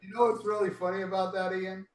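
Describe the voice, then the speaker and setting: A podcast co-host and YouTuber chats casually, rambling in an easygoing way and turning emphatic when he makes a point. His voice is high, monotone and fast, captured roughly in an echoey room.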